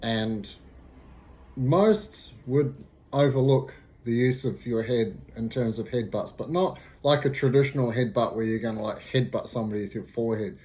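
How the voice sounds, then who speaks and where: A man's voice: medium pitch, normal speed, a little mellow. A middle-aged man from New Zealand, a martial arts instructor, talking casually to camera, nasal from a cold and rambling with many fillers.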